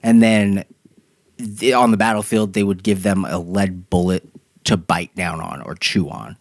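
A man's voice: deep voice, steady tone, measured pace, no echo. A man hosting a podcast, reading idiom meanings from his notes in casual chat and laughing often. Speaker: podcast host.

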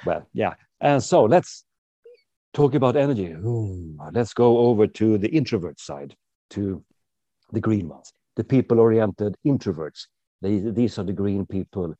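A man's voice: lowish voice, lively intonation, measured pace, dark tone, no echo, muffled recording. A man, an author and public speaker, talking as a guest in an interview and playfully acting out personality types as he explains them. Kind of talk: interview conversation.

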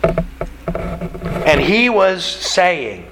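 A man's voice: high voice, big pitch swings, extremely slow, noisy background. A man preaching a sermon, telling the story emphatically with repeated phrases. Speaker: pastor.

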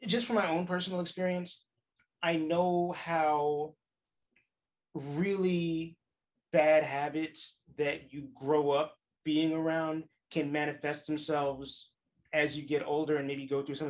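A man's voice: on the high side, flat delivery, measured pace, rough recording. Sex: man. Role: thoughtful podcast host. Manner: thoughtful, hedging, with restarts and casual swearing. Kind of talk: casual interview chat.

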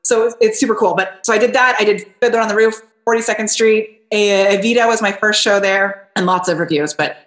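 A woman's voice: mid-range voice, steady tone, brisk, hardly any pauses, a bit bright. A woman being interviewed on a podcast, talking casually and with enthusiasm, often restarting her sentences. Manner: bubbly and enthusiastic, with frequent restarts. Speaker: podcast guest. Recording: roomy echo.

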